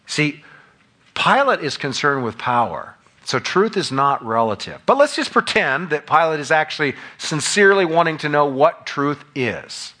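A man's voice: a little high, very animated, moderate pace, pushed and bright. A man preaching a sermon, reading scripture aloud and explaining it verse by verse, at times acting out the scene. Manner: expository, reads scripture aloud and acts out scenes. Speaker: pastor.

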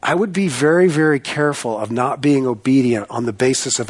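A man's voice: mid-range voice, a little fast, breathy edge. A man preaching a sermon, earnest and emphatic, repeating phrases and asking rhetorical questions. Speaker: pastor.

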